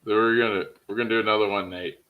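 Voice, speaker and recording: A man's voice: on the low side, steady tone, rapid-fire. Chatty amused guy reacting to clips, kinda dull lo-fi mic. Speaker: reaction video host. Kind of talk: casual reaction commentary.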